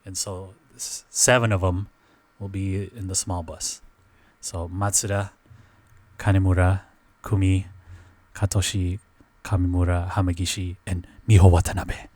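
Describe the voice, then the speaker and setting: A man's voice: sits low, a little slow. A man hosting a podcast, recapping events in casual chat, full of "like" and "dude". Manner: lively storytelling full of "like" and "dude". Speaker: podcast host.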